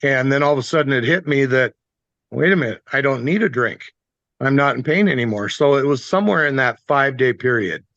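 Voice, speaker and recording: A man tells his recovery story plainly, his voice bright at a middle pitch. The sound is dry and a bit muffled, like call audio. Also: lively intonation, brisk, no room sound. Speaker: guest sharing a testimony. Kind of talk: personal testimony.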